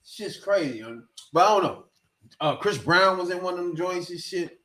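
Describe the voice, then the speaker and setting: A man's voice: sits high, animated, normal speed, sharp tone. A man hosting a podcast, talking animatedly in profane street slang and laughing often. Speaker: podcast host. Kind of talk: casual chat. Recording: roomy echo.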